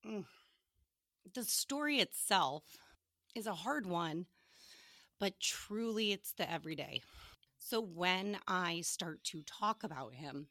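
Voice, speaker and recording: Earnest woman with a gravelly edge. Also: fairly low pitch, expressive, bright, forceful tone, no room sound, clean studio sound. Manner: earnest, halting, emotional. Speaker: podcast co-host and grief therapist. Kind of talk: candid podcast conversation.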